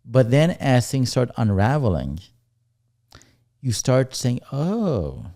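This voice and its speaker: A man co-hosting a podcast, talking things over in a reflective, unhurried way. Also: medium pitch, animated, mellow, no echo, studio quality. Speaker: podcast co-host. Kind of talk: casual chat.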